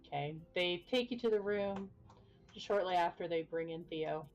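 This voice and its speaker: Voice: medium pitch, moderate pace. A game master narrating a tabletop game in a matter-of-fact way, recorded on a dull lo-fi mic.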